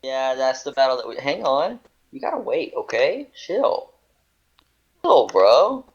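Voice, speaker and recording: A man's voice: medium pitch, sing-song, a little slow, breathy edge, muffled recording. A man co-hosting a casual gaming show, rambling playfully and restarting his sentences. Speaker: podcast co-host. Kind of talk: casual banter about games.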